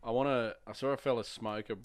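A man's voice: mid-range voice, fast. An Australian man co-hosting a podcast, chatting casually with friends and telling stories with lots of swearing. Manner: sweary, animated storytelling. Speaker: podcast co-host. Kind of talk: casual chat.

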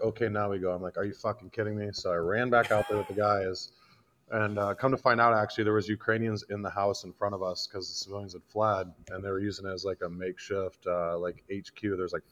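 A man's voice: fairly low pitch, fairly bright tone, lo-fi sound, a little hiss or hum. A man from Iowa, a combat veteran guest, bluntly telling a war story in casual, profane podcast talk. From Iowa, United States.

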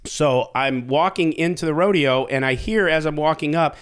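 A man's voice: a little high, normal speed, clean tone. A man hosting a podcast, telling a story in casual chat with lots of swearing and laughter. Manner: animated, swearing, laughs at his own story. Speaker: podcast host.

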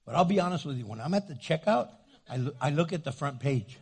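A man delivers a sermon in a husky, fairly high voice. He is a pastor from New Mexico who keeps the congregation laughing with quips and little put-on voices. His preaching is loose and conversational. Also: lively intonation, quick pace, a little mellow.

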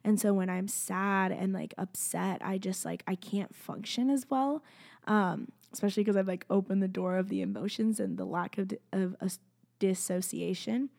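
A young woman, a student, talking casually and earnestly to the camera about her feelings and faith, full of "like" fillers and dipping into soft whispers. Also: medium pitch, animated, moderate pace, gravelly. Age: young adult. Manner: rambling, constant "like" fillers, drops into soft whispers. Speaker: student sharing a faith journey. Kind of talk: casual heartfelt talk to camera. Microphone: own microphone, close.

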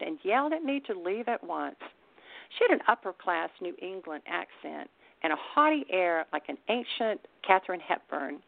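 Gravelly-voiced woman reading her own story. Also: on the low side, no echo. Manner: wry, deadpan storytelling. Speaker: author reading her book. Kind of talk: first-person story reading. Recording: dry, tinny phone line.

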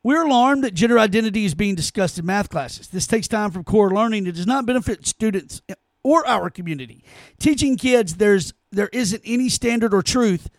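A man's voice: sits high, expressive, normal speed, no room sound. A man hosting his own podcast, ranting in an indignant, emphatic way and repeating phrases for effect. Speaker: podcast host. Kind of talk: opinionated solo podcast rant.

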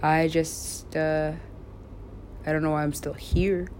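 A woman's voice: low-pitched, little pitch movement, slow, darkish tone, slight background noise. A woman recording herself in a rambling solo monologue, talking to herself and swearing casually. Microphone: self-recorded.

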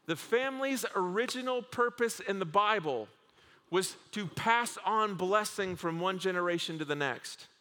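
Male pastor, high bright voice, animated joking sermon, reverberant hall. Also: moderate pace. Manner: humorous, animated storytelling with acted asides.

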